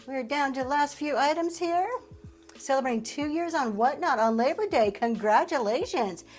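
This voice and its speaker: A woman's voice: high voice, moderate pace, soft background music. A middle-aged woman from Pennsylvania, hosting a live reselling auction in an upbeat, chatty way and thanking her viewers as she goes. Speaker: live-stream reseller host. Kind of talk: live auction selling chat.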